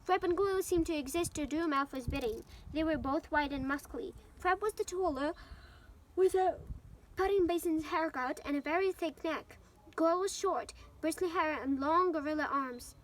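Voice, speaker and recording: A woman's voice: high-pitched, normal speed. A woman with Ukrainian as her first language reading a novel aloud in English, with occasional slips and restarts. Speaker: storybook reader.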